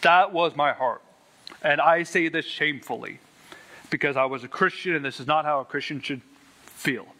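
A man's voice: on the high side, moderate pace, sharp tone. A man earnestly telling his personal faith testimony, stressing words and repeating them for weight. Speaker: Christian sharing a testimony.

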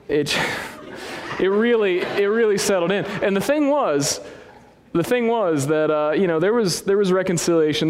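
A male pastor preaches in a church hall, his voice set a little higher than most men's. He tells stories animatedly and pokes fun at himself, jumping up and down in pitch. A long reverb from the hall trails behind every phrase. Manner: animated, self-deprecating storytelling with big swings in pitch. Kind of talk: sermon.

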